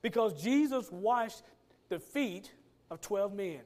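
A man preaching a sermon in a colloquial way, stretching out key words for emphasis and dropping to a quiet tone at the ends of lines. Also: high voice, animated. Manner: preaching with rising and falling emphasis, drawn-out words; colloquial phrasing. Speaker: pastor.

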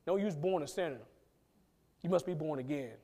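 Man, pastor, high voice, emphatic conversational sermon. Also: fairly quick, mellow. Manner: emphatic, conversational preaching with acted quotes.

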